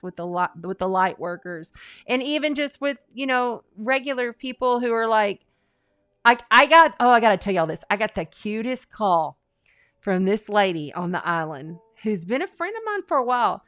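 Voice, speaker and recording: A woman with a medium-pitched, slightly bright voice and a clean tone hosts a live astrology and tarot stream. Her casual livestream chat is rambling and folksy, captured in a dry recording.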